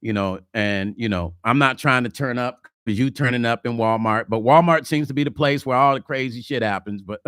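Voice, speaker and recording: A man hosting a casual livestream vlog, reading viewer comments and talking relationships in a chatty, animated way. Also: medium pitch, brisk, clean tone, dry recording, studio quality. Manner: chatty, animated, slips into mock quotes. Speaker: vlog host.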